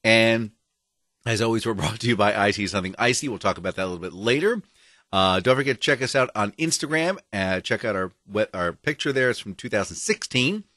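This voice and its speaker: Male podcast co-host, joking and laughing, lively swinging pitch, dry close sound. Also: fairly quick, dry recording. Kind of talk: casual chat.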